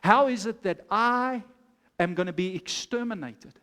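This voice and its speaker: A man's voice: sits high, unhurried, bright, forceful tone. A preacher voicing a pleading queen. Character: pleading young queen, bold woman.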